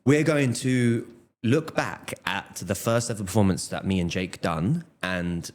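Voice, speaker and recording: A young man co-hosting a casual chat, playful and animated as he tells stories. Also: lowish voice, unhurried. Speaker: podcast co-host.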